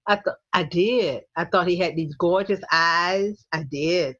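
A woman's voice: fairly low pitch, unhurried, fairly bright tone, highs cut off. A woman from the United States in casual chat, gushing and emphatic, often repeating herself.

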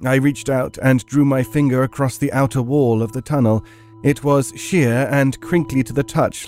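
A man's voice: medium pitch, darkish tone. A man giving vivid, theatrical first-person horror narration. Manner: vivid, theatrical storytelling with heated outbursts.

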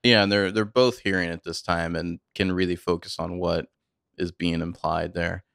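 Deep gravelly man recapping a TV show. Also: normal speed, no room sound, studio quality. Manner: conversational, filler-heavy, animated storytelling. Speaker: podcast co-host.

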